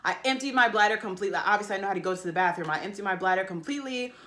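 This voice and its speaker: A woman's voice: mid-range voice, racing, a bit bright. A woman telling a personal story to camera, rambling and emotional, with many fillers and restarts. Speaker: vlogger.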